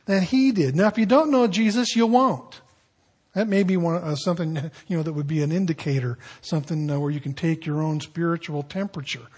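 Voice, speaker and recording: Older guy preaching, kinda husky and high-ish voice, honest confessional sermon. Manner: candid, confessional, drops into quiet reflective tones. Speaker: pastor.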